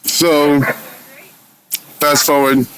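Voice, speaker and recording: A man's voice: fairly high pitch, level tone, extremely slow, fairly bright tone, a little hiss or hum, rough recording. A man telling a story in casual first person, heated and profane, with frequent restarts and stumbles. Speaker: vlogger recounting an encounter.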